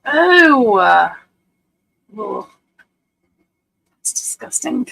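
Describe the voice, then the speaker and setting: High-voiced woman chatting on a live stream. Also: sing-song, extremely slow, creaky, pushed and bright, slight background noise, rough recording. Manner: rambling, laughs often, scolds her dog. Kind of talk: casual live-stream chat.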